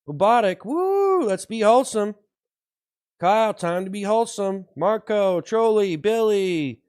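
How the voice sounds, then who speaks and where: A man hosting a livestream, shouting repeated whoops between slow, sarcastic slogans praising himself to his viewers. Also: sits high, smooth. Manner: sarcastic, ironic self-praise. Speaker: livestream host. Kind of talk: mock-hype livestream chat with viewers.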